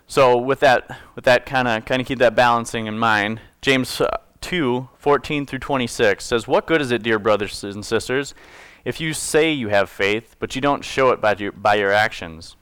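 A man's voice: mid-range voice, normal speed, fairly bright tone, clear, resonant tone, no echo. A man preaching a casual sermon to his congregation, reading scripture and explaining it in a conversational, joking way. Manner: conversational, self-correcting, jokes with congregation. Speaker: pastor.

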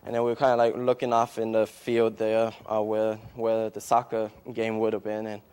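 Giving an emotional testimony before launching a sermon at church, a male missionary halts repeatedly, full of fillers and restarts. He speaks in a lowish, smooth, darkish voice with a completely flat delivery.

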